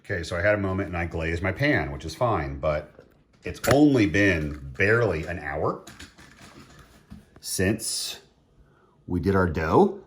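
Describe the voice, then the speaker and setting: A middle-aged man chatting casually as he cooks at home, laughing often and getting excited. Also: low-pitched, measured pace, long pauses, slight background noise. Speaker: home cook. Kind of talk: casual cooking vlog.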